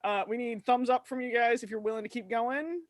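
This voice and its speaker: A woman hosting a live web show, briskly reading out viewer questions and keeping things moving. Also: on the high side, no echo. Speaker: host. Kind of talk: casual live-stream chat.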